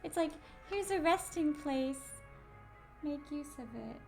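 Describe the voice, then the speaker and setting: A woman's voice: high-pitched, unhurried, gravelly, darkish tone. A woman commentating a horror game let's play, jumpy, laughing and swearing at the scares. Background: game music.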